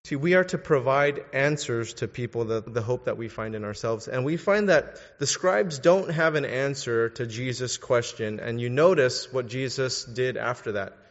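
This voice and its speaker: A man's voice: mid-range voice, moderate pace, hardly any pauses. Man preaching in an echoing church. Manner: questioning, urges listeners to think. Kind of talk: sermon. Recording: dull sound in a reverberant hall.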